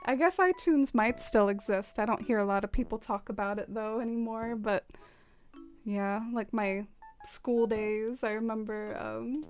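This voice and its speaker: Chatty higher-voiced young woman streamer. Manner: chatty, many fillers, laughs often. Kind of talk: casual livestream chat with viewers.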